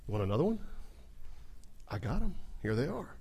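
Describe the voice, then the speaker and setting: Pastor preaching call-and-response. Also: male voice, fairly high pitch, very animated, normal speed, husky. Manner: swings between soft asides and loud, rising exclamations. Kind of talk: sermon.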